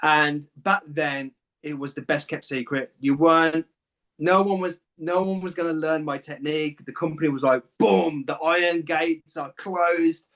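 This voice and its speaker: A man's voice: fairly high pitch, measured pace. A man, a clinic owner and guest, telling his story candidly and with feeling, swearing casually. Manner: emotional, swears casually, animated retelling.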